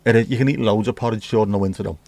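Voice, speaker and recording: A man's voice: on the low side, very fast, creaky, mellow, no echo. A man hosting a casual livestream, chatting cheekily with viewers and reading their messages. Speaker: livestream host reading chat. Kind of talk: casual chat. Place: home room.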